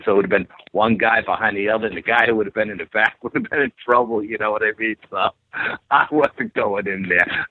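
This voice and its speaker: A man excitedly retelling a story from his youth, acting out what people said and repeating himself. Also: lowish voice, no echo. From New York. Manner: animated, repeats himself, acts out quotes. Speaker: guest telling an encounter story. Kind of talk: phone-in storytelling. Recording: tinny phone line.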